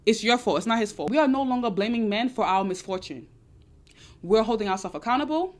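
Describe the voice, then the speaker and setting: A woman's voice: a little high, brisk. Emphatic woman giving dating advice. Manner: emphatic, preachy, repeats her points; says she talks a little loud and excited. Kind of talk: casual chat answering audience questions.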